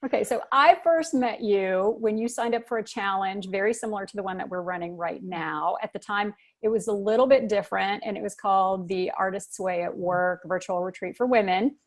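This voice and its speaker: A woman with a mid-pitched voice hosts an interview. She keeps an upbeat, chatty manner as she leads the talk. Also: brisk, hardly any pauses. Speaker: host, business coach. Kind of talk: interview hosting.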